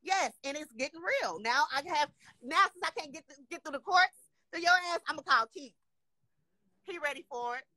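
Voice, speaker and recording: Woman from Dallas, high bright voice, rapid profane rant, dry close sound. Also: lively intonation, no echo. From Dallas, Texas. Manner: profane, heated, repeats "you know what I'm saying". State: upset. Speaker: guest complaining on a live show. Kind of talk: angry rant.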